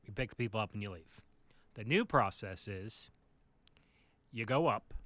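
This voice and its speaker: A man co-hosting a podcast, telling a casual, animated anecdote about his driving job. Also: on the low side, normal speed, no room sound. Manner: animated anecdote teller, acts out the people in his stories. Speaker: podcast co-host, bus driver. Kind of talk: casual storytelling chat.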